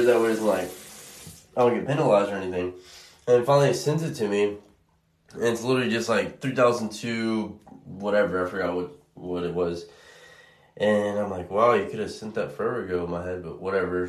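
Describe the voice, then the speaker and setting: A man's voice: on the low side, reverberant. A man, a food delivery driver, telling a casual story with lots of swearing and exasperation, acting out both sides of the conversations. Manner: profane, exasperated, acts out both sides of dialogue.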